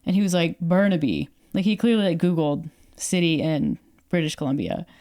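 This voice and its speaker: A young woman from Canada tells a story on a podcast with a slightly low, easygoing voice. She chats casually, acting out both sides of a conversation and leaning on fillers as she goes. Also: normal speed. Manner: animated storyteller, acts out quoted dialogue, many fillers. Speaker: podcast co-host.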